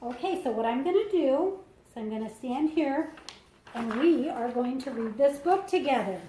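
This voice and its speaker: A woman reading a picture book aloud to preschoolers, slow and sing-song, stopping to explain things to the children. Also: high-pitched, expressive, mellow, slight background noise. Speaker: children's librarian. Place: library room. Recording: echoey room.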